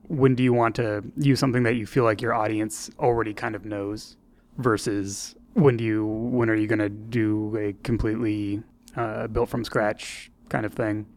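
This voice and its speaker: A man co-hosting a podcast about game design, thinking aloud in casual chat with frequent restarts and fillers. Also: lowish voice.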